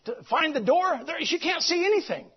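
A man preaching, moving from shouted exclamations to hushed storytelling and repeating his phrases. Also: extremely high pitch, animated, a little fast, dull audio. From United States. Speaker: visiting preacher. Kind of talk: sermon storytelling.

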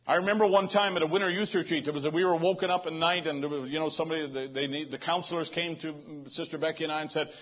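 Husky pastor guy preaching, kinda high voice, chatty sermon, muffled lo-fi sound. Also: racing, hardly any pauses. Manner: conversational preaching with repeated restarts. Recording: dull lo-fi sound.

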